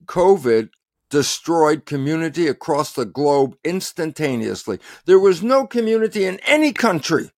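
An animated man speaking as an interview guest, and his pitch leaps up and down for emphasis as he quotes his own remarks. The sound is dry and close, with no room around it. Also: moderate pace, dry recording. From United States. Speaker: guest scientist. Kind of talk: passionate interview talk.

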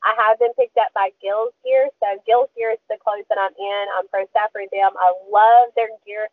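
A young woman guest on a podcast, telling a fishing story in a lively, chatty way and laughing often. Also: medium pitch, moderate pace, no echo. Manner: lively, laughs often, squeals when quoting. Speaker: podcast guest, kayak angler. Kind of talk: casual storytelling interview. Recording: tinny phone-line audio.

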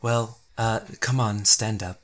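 A man doing a polite spider-man gentleman. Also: fairly low pitch, steady tone, takes it slowly, crowd noise. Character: gentle spider-bodied man with twirly mustache.

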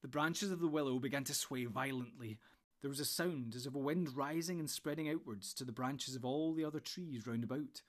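A man reading a storybook in steady, measured narration. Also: medium pitch. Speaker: audiobook narrator.

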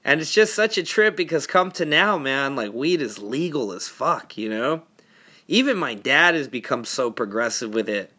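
A man's voice: mid-range voice, sing-song, normal speed, pushed and bright. A man hosting a podcast, telling funny personal stories in a laid-back, profane, laughing way. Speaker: podcast host. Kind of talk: casual storytelling.

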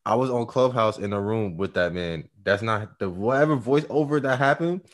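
A man's voice: lowish voice, moderate pace. A man co-hosting a casual chat, profane and teasing, laughing often. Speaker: podcast co-host.

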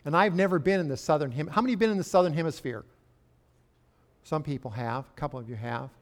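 An older male pastor delivers a sermon in church, speaking fast with a relaxed, folksy manner. His voice is a bit higher than most men's, and he often turns to the congregation with chatty asides.

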